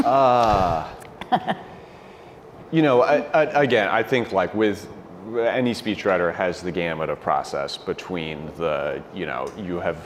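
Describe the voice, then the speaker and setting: Deep-voiced man panelist, slow and halting, faint hum behind. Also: lively intonation. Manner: hesitant, measured, with many fillers. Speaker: former speechwriter on a panel. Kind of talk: panel discussion storytelling.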